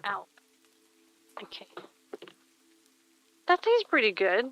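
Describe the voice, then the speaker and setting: A woman's voice: medium pitch, sing-song, slow pace, dull audio, soft background music. A woman streamer chatting casually while she crafts, murmuring to herself and reading chat aloud on a very sensitive close mic.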